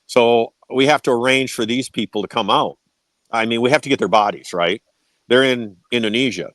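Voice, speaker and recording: A man's voice: mid-range voice, moderate pace, fairly bright tone, dry recording. A man telling war stories as a podcast guest, swearing freely and tagging his sentences with "right?". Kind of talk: casual storytelling.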